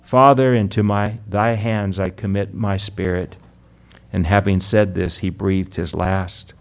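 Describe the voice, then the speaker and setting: A man preaching a sermon to his congregation, earnest, calling them friends and beloved, rising loud on key words and slowing down to read scripture. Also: low-pitched, fairly even intonation. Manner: earnest preaching, drops loud then soft for emphasis, slows on scripture. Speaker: pastor.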